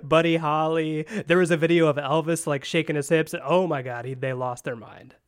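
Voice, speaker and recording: A man co-hosting a casual podcast chat, easygoing and quick to laugh as he tells a story. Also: on the high side, steady tone, clear, resonant tone. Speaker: podcast co-host.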